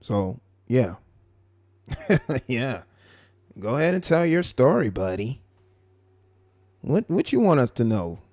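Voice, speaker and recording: A man hosting a live stream, commenting on a clip in a mocking, animated way. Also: medium pitch, no room sound. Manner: mocking, animated, drawn-out asides. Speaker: live show host.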